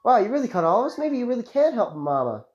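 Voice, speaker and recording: A man's voice: very high voice, very animated, fast, darkish tone, voice pushed up. A man voicing a chirpy, boastful little star bunny with a put-on accent, over muffled game music. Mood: amazed.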